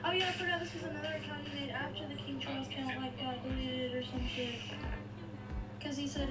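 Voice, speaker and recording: A woman's voice: fairly high pitch, little pitch movement, fast, far from the mic. Young woman, blunt and foul-mouthed. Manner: blunt and heavily profane. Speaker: caller on a livestream. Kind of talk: casual chat, retelling texts. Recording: echoey with loud music behind.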